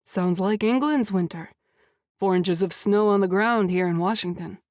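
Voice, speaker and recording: A woman voicing a confident wealthy man with a deep voice, smooth and assured in an audiobook. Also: moderate pace, darkish tone, no room sound, studio quality, close to an everyday voice. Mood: assured, flirty.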